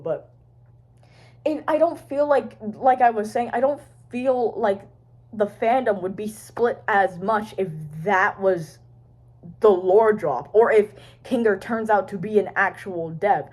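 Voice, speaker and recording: Husky rambling woman vlogger. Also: mid-range voice, a little mellow. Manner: rambling, swears, trails off, laughs often. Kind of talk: rambling casual fan chat. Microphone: phone camera.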